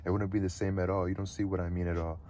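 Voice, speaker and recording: A restless, cynical teenage boy, read aloud by a man gripes and swears about everything, pushing into excited pleading. The voice stays low and deep, the pace quick, the melody fairly flat. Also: slight background noise, lightly acted. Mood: griping.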